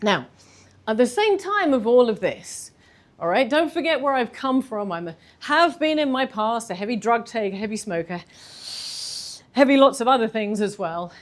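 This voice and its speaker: A woman's voice: a little high, normal speed. Candid woman telling a personal story. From London. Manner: candid, animated, self-deprecating storyteller. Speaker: speaker giving a talk.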